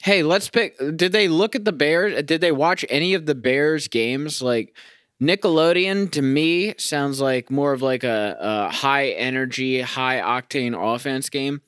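A man's voice: mid-range voice, measured pace, a bit bright, clean tone, no room sound, studio quality. A young man ranting profanely as a sports fan, talking in a casual, exasperated monologue.

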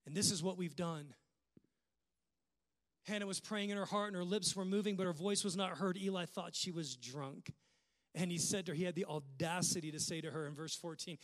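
High-voiced impassioned male preacher. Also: a little fast, a bit bright. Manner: impassioned, rhythmic repetition. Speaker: pastor. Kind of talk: sermon.

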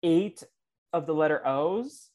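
A man's voice: a little high, animated, takes it slowly, darkish tone. A man co-hosting a casual podcast, talking loosely and enthusiastically with lots of "like" fillers. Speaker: podcast co-host.

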